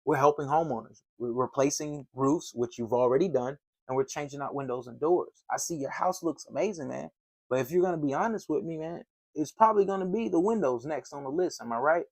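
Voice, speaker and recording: A man's voice: on the high side, brisk, husky, dry recording. A man giving door-to-door sales training in a casual, slangy way, acting out doorstep chats. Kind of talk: animated sales training talk.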